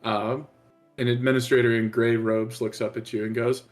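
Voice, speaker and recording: A man's voice: mid-range voice, level tone, normal speed, faint music behind. A man narrating as game master, with frequent hesitations and fillers.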